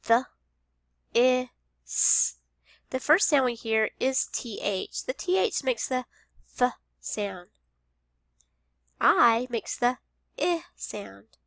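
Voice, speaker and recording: A woman's voice: on the high side, animated, slow pace, creaky, pauses often, a bit bright, no room sound, clean studio sound. A woman teaching a phonics lesson to young children, patiently sounding out each letter of every word.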